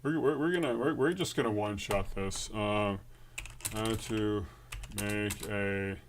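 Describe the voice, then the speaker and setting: Low-voiced man rambling through live coding. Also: unhurried, a little hiss or hum. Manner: rambling, thinks aloud with many fillers and restarts. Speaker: livestream host. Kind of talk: casual live coding chat.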